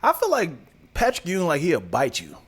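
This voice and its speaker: A man's voice: on the high side, huge pitch swings, fairly quick, a bit bright, husky. A man co-hosting a podcast, teasing his partner in slangy, laughing banter. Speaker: podcast co-host. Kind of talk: casual chat.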